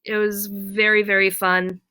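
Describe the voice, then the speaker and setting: A woman's voice: mid-range voice, level tone, unhurried, pushed and bright, clean tone. A woman teaching ukulele in a casual tutorial, counting beats aloud with many ums. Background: her own ukulele strumming.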